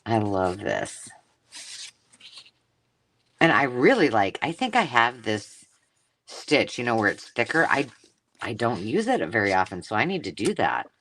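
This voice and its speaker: Woman, craft stream host, effusive, lively up-and-down pitch, chatty casual talk. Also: unhurried, pauses often, slight background noise. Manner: gushing and effusive, chatty asides. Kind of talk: casual live-stream chat, unboxing mail.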